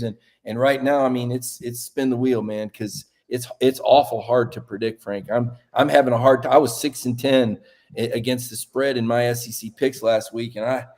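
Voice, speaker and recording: A man in his fifties, a sportswriter guest, talking sports in a relaxed way and thinking aloud with many restarts. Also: medium pitch. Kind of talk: casual sports talk.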